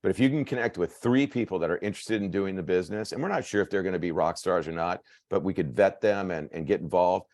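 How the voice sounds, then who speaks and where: A man giving a motivational coaching talk, energetic and repetitive, acting out quotes with big jumps in pitch. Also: fast talker, hardly any pauses, no room sound, clean studio sound. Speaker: network marketing coach.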